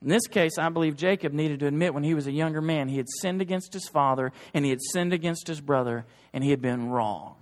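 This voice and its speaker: A man preaching a sermon to his church in an earnest, emphatic way that builds to forceful exhortation. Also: a little high, fairly quick, hardly any pauses, long reverb tail. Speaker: pastor. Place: church sanctuary.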